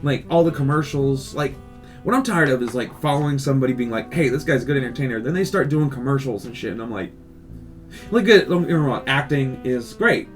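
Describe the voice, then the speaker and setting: A man's voice: mid-range voice, brisk, soft background music. A man hosting a casual podcast, rambling and ranting with lots of swearing. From California. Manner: rambling, animated rants with profanity. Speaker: podcast host.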